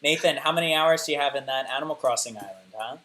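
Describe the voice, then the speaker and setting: A young man hosting a comedic online game show over a video call, upbeat and playful in quick banter. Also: a little high, bright, forceful tone.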